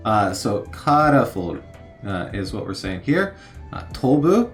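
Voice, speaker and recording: A man in his thirties casually narrating a learning game, halting with many fillers as he sounds out vocabulary. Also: fairly low pitch, very animated, soft background music. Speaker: streamer learning Japanese.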